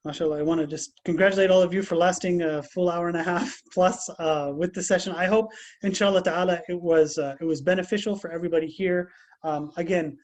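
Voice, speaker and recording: A man's voice: high voice, brisk. A man giving a casual religious lesson over a video call, talking conversationally and telling stories with lots of restarts. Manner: conversational, animated storytelling with many restarts. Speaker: Islamic class teacher.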